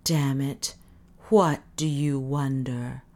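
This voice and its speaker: A woman voicing a tired, frightened man who is a doctor, talking in a hushed, strained, often whispered voice. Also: rumbling low, steady tone, takes it slowly, full character voice. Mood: fearful.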